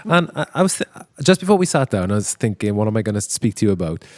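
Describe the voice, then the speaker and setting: Man, podcast host, animated voice, chatty, jokey, dry close sound. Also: on the low side, fast, no echo. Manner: chatty, jokey, laughs often, many restarts. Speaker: podcast host and band member. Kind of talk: casual podcast chat. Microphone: handheld microphone.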